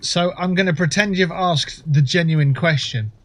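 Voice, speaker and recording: With a fairly high pitch and moderate pace, this man hosts a game stream. His casual commentary is jokey and full of swearing, and he erupts into whoops of excitement.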